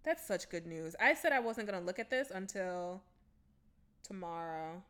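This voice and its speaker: A woman's voice: fairly low pitch, normal speed, clean tone. A young woman co-hosting a casual chat, telling stories dramatically and laughing often. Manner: animated, dramatic storytelling with lots of laughter.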